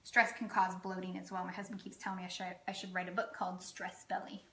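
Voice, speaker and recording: A woman's voice: fairly low pitch, little pitch movement, fast talker, sharp tone, reverberant, poor audio. A woman health coach giving a casual educational talk to the camera, chatty and full of "um" fillers, with self-deprecating asides.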